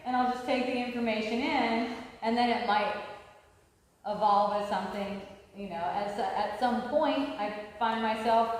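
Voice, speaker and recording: A woman's voice: fairly high pitch, steady tone, a little slow. A woman giving a casual spiritual talk full of anecdotes. She rambles, with frequent fillers and restarts, and laughs often between points. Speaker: spiritual teacher. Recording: echoey hall with long reverb.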